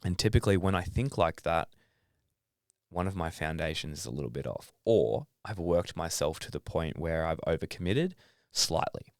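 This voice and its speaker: Deep-voiced Australian man, smooth and dry. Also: moderate pace, dry recording. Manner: relaxed, swears casually, acts out his own inner thoughts. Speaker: podcast guest, athlete. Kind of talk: casual interview talk.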